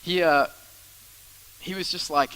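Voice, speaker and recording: A man's voice: fairly high pitch, steady tone, takes it slowly, pushed and bright, clean tone, rough recording. A man preaching a sermon as the church's pastor, in a conversational style with asides and repeated phrases.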